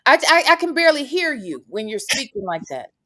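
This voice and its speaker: A woman's voice: sits high, very animated, a little fast, bright, forceful tone. A woman from the Midwest hosting a casual talk show, blunt and emphatic with frequent swearing. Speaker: podcast host. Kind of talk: casual chat.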